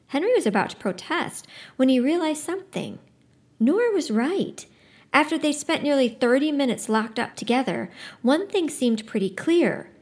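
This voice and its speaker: A woman presenting a book in a book talk, chatting about its premise and then reading an excerpt aloud in a lively storyteller's delivery. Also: sits high, moderate pace.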